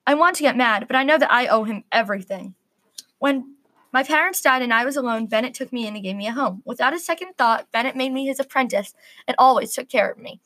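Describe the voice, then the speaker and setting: A woman narrating a first-person story in an earnest, expressive reading. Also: on the high side.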